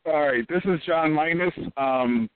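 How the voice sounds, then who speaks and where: Offhand deadpan guy on a phone line. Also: on the high side, a little slow, smooth, dry recording. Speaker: podcaster and comedian guest. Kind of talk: casual podcast chat. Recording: phone-like narrow sound.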